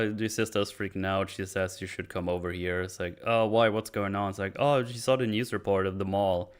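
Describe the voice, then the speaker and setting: A man's voice: low-pitched, clean tone. A man hosting a casual movie discussion podcast, retelling scenes with acted-out quotes and swearing. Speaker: podcast host.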